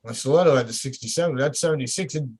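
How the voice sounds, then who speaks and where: A man's voice: mid-range voice, racing, a little mellow, slightly rough. A man chatting casually on a group video call, folksy and rambling, who often restarts his sentences. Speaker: contest organizer.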